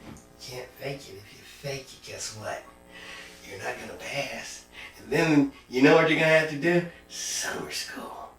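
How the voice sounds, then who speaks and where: A man giving a spiritual talk, preachy and full of rhetorical questions and folksy asides. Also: a little high. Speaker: spiritual speaker. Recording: very echoey room, distant mic.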